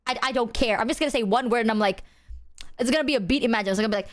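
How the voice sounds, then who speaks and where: A woman's voice: on the high side, rapid-fire. A woman streamer chatting casually with her viewers, playful and swearing freely, breaking into silly sung bits.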